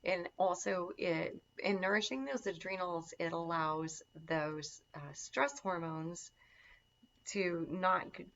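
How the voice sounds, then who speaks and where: A woman's voice: on the low side, slow, fairly bright tone, slight background noise. A woman teaching a casual lesson on herbal remedies, chatty and enthusiastic, with lots of fillers. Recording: dull lo-fi sound.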